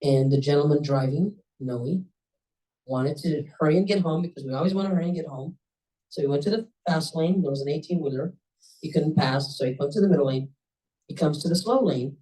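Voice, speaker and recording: A woman at a club meeting telling a personal story in a lively, conversational way, often jumping up in pitch for emphasis. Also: a little fast. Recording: voice a bit distant from the mic.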